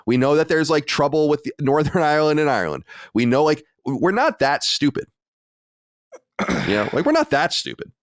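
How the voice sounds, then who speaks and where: A man, co-hosting a podcast, talking in a rambling, profane, animated way with many restarts. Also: on the high side, brisk, no echo, studio quality. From United States. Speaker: podcast co-host. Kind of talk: casual chat.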